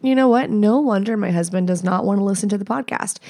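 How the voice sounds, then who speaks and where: A woman's voice: mid-range voice, fast talker. A woman in her thirties hosting a solo podcast, telling stories in a candid, profane, chatty way. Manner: candid and profane, animated asides. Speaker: podcast host. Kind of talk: casual solo podcast storytelling.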